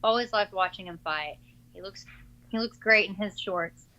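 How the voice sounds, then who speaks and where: Young woman fighter on a muffled call line, brightish voice, lots of um and like. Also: medium pitch. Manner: halting, many fillers and restarts. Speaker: MMA fighter being interviewed. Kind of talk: casual interview chat. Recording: dull lo-fi call audio.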